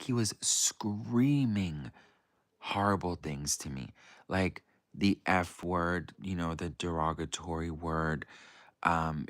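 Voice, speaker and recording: A man's voice: low-pitched, no echo, studio quality. A young American man on a livestream, telling a long personal story to his chat in a rambling way full of fillers. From United States. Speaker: livestream host. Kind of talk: casual storytelling to a live chat.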